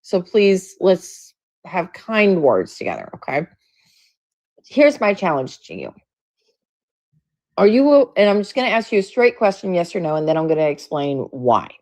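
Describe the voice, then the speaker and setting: A woman on a live debate stream, speaking politely and measuredly, quick to apologize. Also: on the low side, very animated, darkish tone.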